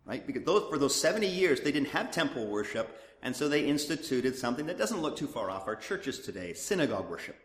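Animated man teaching in an echoey hall. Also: mid-range voice, quick pace, few pauses. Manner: animated, conversational, with frequent restarts. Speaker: Bible teacher. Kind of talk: sermon-style Bible teaching.

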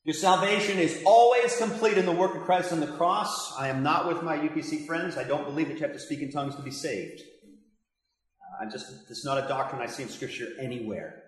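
A man's voice: a little high, brisk. An older man, a pastor, giving a passionate, conversational Bible teaching with asides to his listeners. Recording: very echoey hall reverb.

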